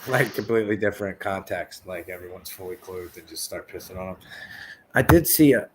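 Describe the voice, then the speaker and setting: A man's voice: low-pitched, animated, noisy background. A man co-hosting a podcast, in crude, rambling casual banter, often acting out quotes. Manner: profane, rambling, quick to act out quotes. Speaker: podcast co-host.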